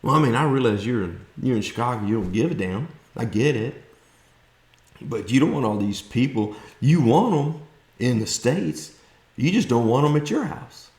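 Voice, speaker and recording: A man's voice: medium pitch, animated, normal speed, a little mellow, echoey room. A man with a South Texas accent giving a blunt, folksy, fired-up opinion monologue. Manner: blunt, folksy, fired-up ranting with mocking quoted voices. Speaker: political commentator vlogger.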